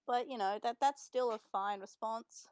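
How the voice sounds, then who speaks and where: A woman's voice: on the high side, normal speed, darkish tone, dry recording. A young woman co-hosting a podcast in casual chat, retelling scenes and quoting lines. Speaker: podcast co-host.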